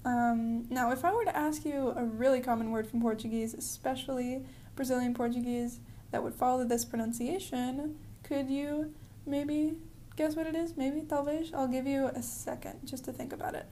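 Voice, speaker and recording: A woman giving a pronunciation lesson in a friendly, explanatory way, slowing down to model words. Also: high-pitched, fairly even intonation, warm tone, a little hiss or hum. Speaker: language teacher.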